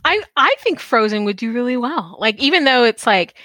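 A woman's voice: fairly high pitch, big pitch swings, a little fast, sharp tone, no echo. Bubbly woman hosting a podcast. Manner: bubbly, gushing, laughs often. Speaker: podcast host. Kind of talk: casual interview chat.

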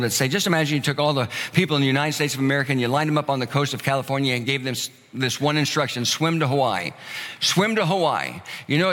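A man preaching a sermon as pastor, earnest and emphatic, repeating key phrases slowly for weight. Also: medium pitch, fairly bright tone. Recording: long hall reverb.

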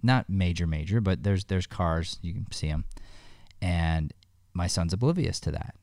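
A man's voice: sits low, unhurried, darkish tone, no echo, studio quality. A man talking earnestly in a heartfelt one-on-one conversation, telling a personal story with frequent restarts.

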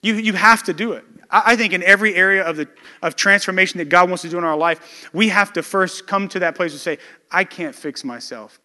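A man's voice: high-pitched, steady tone, fast talker, pushed and bright, big-room sound. A man preaching a sermon as pastor, talking in a loose conversational way, telling stories and often restarting his sentences.

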